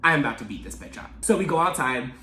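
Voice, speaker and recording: Fast-talking dramatic young man storyteller. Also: lively intonation, pushed and bright, slight background noise. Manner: dramatic, swearing, acts out quotes in high voices. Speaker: vlogger. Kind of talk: casual storytelling. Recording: echoey room with faint music.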